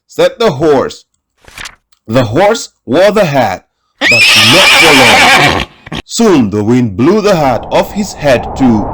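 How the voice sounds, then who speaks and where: Slow, lively man reading a storybook. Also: a little high, very noisy. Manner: sing-song, playful, drawn-out words. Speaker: storybook reader. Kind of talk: children's story read-aloud.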